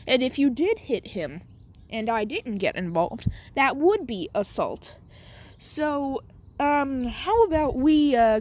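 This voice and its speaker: A woman putting on a formal AI butler. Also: a little high. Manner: courteous and measured, lightly threatening. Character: polite, formal male AI butler.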